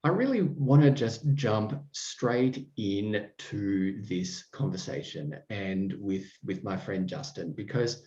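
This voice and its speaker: Slow but with few pauses, this podcast host has a lowish, dark, expressive voice. He rambles effusively through a casual chat with a guest, full of fillers and restarts, in a roomy, dull-sounding recording.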